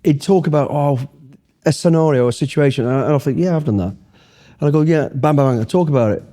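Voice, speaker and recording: A man's voice: fairly high pitch, fast talker, dark tone. A middle-aged man from Britain, a former soldier telling blunt, profanity-filled anecdotes in a casual interview. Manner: blunt, heavy swearing, rambling anecdotes. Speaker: guest, former special forces soldier.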